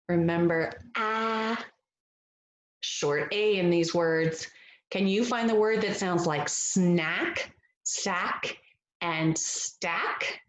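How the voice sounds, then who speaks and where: Slow gentle lady teacher doing a phonics read-aloud, kinda low voice, echoey. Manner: gentle, encouraging, drawn-out sounds. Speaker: reading teacher.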